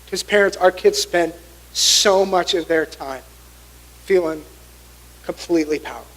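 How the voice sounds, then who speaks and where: Brief: middle-aged male pastor, high voice, animated storytelling sermon. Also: moderate pace, rough recording. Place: church sanctuary.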